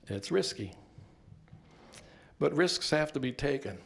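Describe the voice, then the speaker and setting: An older Cuban-born man speaking in a low, gravelly voice with plenty of vocal fry. He tells his story as an earnest, measured lecture, with an occasional dry touch of humor. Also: expressive. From Cuba. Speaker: professor giving a talk. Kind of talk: personal reflective lecture.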